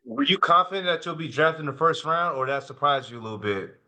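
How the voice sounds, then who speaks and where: A man's voice: on the high side, quick pace, bright, forceful tone. A man interviewing a guest for a TV sit-down, asking questions in an easy, conversational way.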